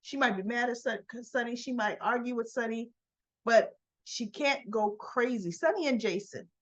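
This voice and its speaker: A woman's voice: on the high side, moderate pace, a bit bright, poor audio. A woman vlogger giving a casual recap of a soap opera episode, telling it as a story and acting out the characters' lines.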